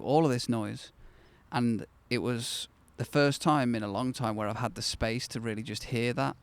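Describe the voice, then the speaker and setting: A man's voice: mid-range voice, fairly even intonation, normal speed, hardly any pauses. A man in his thirties, the host of his own channel, telling a personal story to camera in a candid, conversational way that turns reflective and then bursts with enthusiasm.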